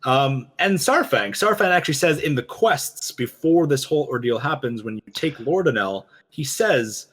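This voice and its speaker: A man in the middle of his register, co-hosting a relaxed discussion. He tells the story with energy and keeps slipping into quoted dialogue. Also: mid-range voice, moderate pace, few pauses, slightly rough. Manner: animated storytelling, quoting characters. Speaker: podcast co-host. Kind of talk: casual lore discussion.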